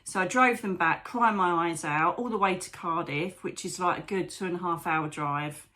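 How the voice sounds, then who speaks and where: A woman's voice: lowish voice, moderate pace, pushed and bright. A woman telling a personal story in a candid, emotional, rambling way, as a spiritual vlogger.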